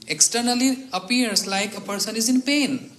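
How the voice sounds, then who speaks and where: A man giving a sermon at a retreat, telling a story in a slow, measured way and voicing its dialogue quietly. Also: high-pitched, animated, roomy sound, rough recording. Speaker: spiritual teacher. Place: retreat hall.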